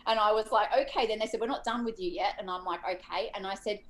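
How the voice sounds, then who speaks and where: A woman in her thirties calling in to a live talk show, telling a rambling, animated story full of quoted asides. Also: medium pitch, quick pace, slight background noise. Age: 30s. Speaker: caller. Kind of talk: casual call-in chat.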